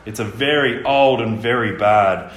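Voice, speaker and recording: A man doing a rumbling, worried sea cliff. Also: a little slow, a bit bright. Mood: grave. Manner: anxious, warning. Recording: roomy echo.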